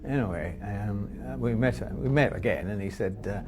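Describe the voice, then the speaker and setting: A man's voice: on the low side, moderate pace, noisy background. A man who interviews film people, telling a dry, self-deprecating anecdote.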